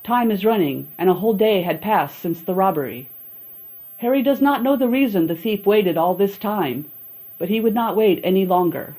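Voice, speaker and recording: A woman narrating an audiobook in a calm, steady storytelling voice. Her tone is mellow and soft-edged, at a middle pitch. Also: moderate pace, poor audio. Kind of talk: scripted narration.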